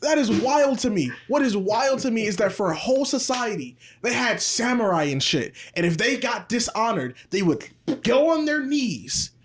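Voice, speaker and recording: A podcast co-host whose pitch swings wildly as they joke and swear. Faint noise sits underneath the voice. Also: moderate pace, hardly any pauses. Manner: animated, joking, profane. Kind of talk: casual podcast chat.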